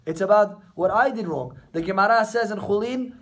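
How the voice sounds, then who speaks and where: A man's voice: high voice, fairly quick, a bit bright. A man, a rabbi, giving an informal class to a small group of students, talking conversationally and turning to them directly. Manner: conversational, addresses students directly, acts out quotes. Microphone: camera recording the class.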